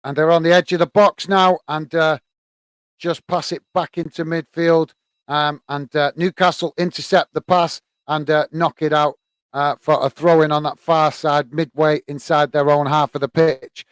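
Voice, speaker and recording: A man's voice: on the high side, flat delivery, normal speed, fairly bright tone, clean tone, no echo. A man hosting a live football watch-along from the UK, describing play and chatting with viewers, hesitant with many fillers. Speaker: host. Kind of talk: live match commentary and chat.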